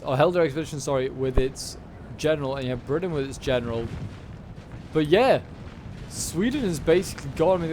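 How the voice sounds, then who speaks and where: A man with a slightly raised pitch talks through a strategy game battle in chatty play-by-play, dropping wry asides as the fight unfolds. A clear bed of background noise sits under his voice-over. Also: darkish tone. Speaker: gameplay commentator.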